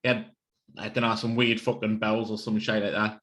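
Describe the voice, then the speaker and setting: A man's voice: lowish voice, level tone, brisk, very noisy. A man, co-hosting a podcast and telling sweary anecdotes in casual chat. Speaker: podcast co-host.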